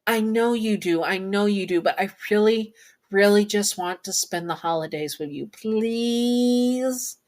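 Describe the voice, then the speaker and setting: A woman's voice: on the low side, moderate pace, close to an everyday voice. A woman voicing an eager, affectionate partner character who coaxes and pleads, in a fan fiction reading. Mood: coaxing.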